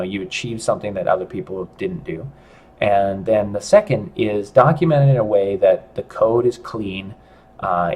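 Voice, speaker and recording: Middle-aged male host, somewhat low voice, casual rambling livestream delivery with frequent restarts. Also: darkish tone. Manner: rambling, halting, with many restarts. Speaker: studio founder hosting a livestream chat.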